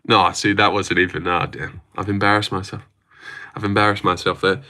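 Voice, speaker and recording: Young man, Australian accent, low-pitched, laid-back, jokey, casual stream chat. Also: steady tone, a little fast, pushed and bright. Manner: laid-back, jokey, answers chat questions with mumbled asides.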